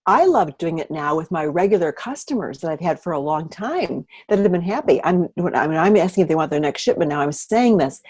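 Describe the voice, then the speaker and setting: An older woman giving an enthusiastic training talk at a team meeting, animated and excitable, with sudden jumps in pitch. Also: husky, no echo.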